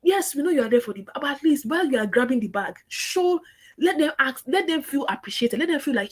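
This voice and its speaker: Animated woman teaching online. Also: high voice, fairly quick. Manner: animated, acts out client dialogues, repeats for emphasis. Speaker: online course instructor. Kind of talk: lively teaching talk.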